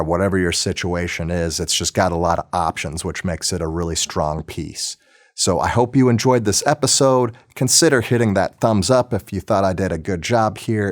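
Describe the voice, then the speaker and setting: A man giving an instructional lesson on teaching a beginning orchestra piece, practical and encouraging with casual fillers. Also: deep voice.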